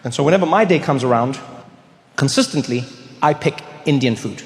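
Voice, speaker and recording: A man's voice: mid-range voice, brisk. Man telling stand-up stories. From South Africa. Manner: animated storytelling, bursts into loud shouts. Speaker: stand-up comedian. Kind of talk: stand-up comedy. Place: large theater stage. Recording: reverberant hall, faint noise.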